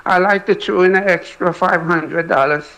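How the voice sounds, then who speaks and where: An older man from Trinidad, high in pitch, rings in to a radio show. His Trinidadian accent comes through as he chats in a friendly, wandering way. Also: fairly even intonation, normal speed, fairly bright tone, rough recording. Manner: chatty and friendly, rambling. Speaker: caller. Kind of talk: phone-in radio call.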